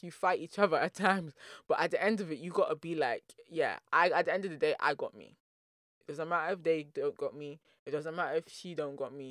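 A Nigerian man hosting a solo motivational podcast, bubbly, energetic and playful, full of slang and calling listeners "boo boo". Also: fairly high pitch, dry recording, studio quality. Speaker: podcast host.

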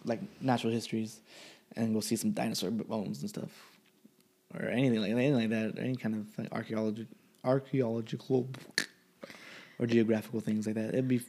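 A man's voice: on the low side, fairly even intonation, brisk, warm tone, breathy edge. A young man, a college student, in a rambling, profane casual chat. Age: young adult.

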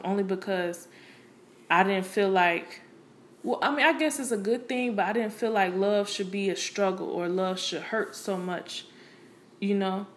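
A woman's voice: medium pitch, slight background noise. Blunt young woman speaking her mind. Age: young adult. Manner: candid, blunt, and streetwise, with frequent profanity; conversational, with many fillers like "you know" and "like". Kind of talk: casual opinion monologue.

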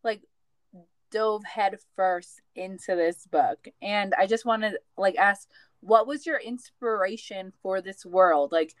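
A woman's voice: mid-range voice, slow, dry recording. Earnest woman podcast co-host. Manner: earnest, eager, run-on sentences. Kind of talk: casual interview chat.

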